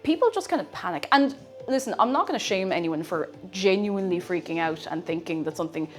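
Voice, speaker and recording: A woman's voice: fairly low pitch, lively intonation, brisk. A young woman streamer chatting casually and rambling while she cooks, with frequent exclamations. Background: faint music.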